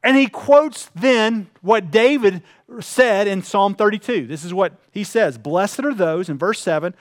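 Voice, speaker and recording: A man preaching a sermon, telling a personal story earnestly, dropping to hushed tones and then building in intensity. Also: high voice, lively intonation, unhurried, dry recording, clean studio sound. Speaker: pastor.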